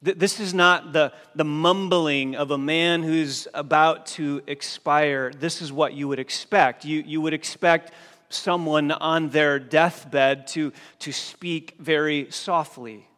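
A male pastor preaching a sermon, dropping to a hush and then rising to loud, forceful emphasis. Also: fairly high pitch, fairly even intonation, slow pace. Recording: long hall reverb.

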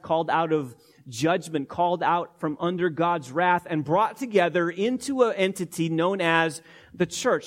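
A male pastor delivers a verse-by-verse sermon, leaning hard on single words and repeating phrases for weight. His voice sits a little higher than most men's. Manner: emphatic, word-by-word teaching with repetitions. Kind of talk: expository sermon.

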